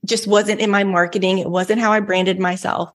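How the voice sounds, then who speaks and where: A woman's voice: medium pitch, flat delivery, moderate pace. A woman with a Texan accent, telling an enthusiastic story as a podcast guest and speaking casually with lots of "like"s. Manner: chatty and enthusiastic, many "like"s. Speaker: guest giving a testimonial.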